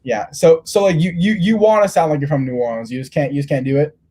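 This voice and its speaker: A man's voice: a little high, quick pace, dark tone. A man interviewing a young player, rambling with lots of restarts. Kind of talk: casual interview.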